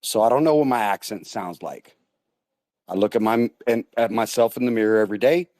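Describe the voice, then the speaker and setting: A male caller on a radio show from the United States, rambling and halting, repeating himself. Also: lowish voice, darkish tone, no room sound, clean studio sound. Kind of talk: call-in radio talk.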